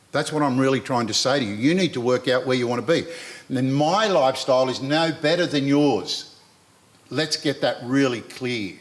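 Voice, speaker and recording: An Australian man in his sixties, speaking earnestly on a live panel and addressing the audience directly, with frequent repetition. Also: mid-range voice. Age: 60s. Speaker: panel speaker and university lecturer.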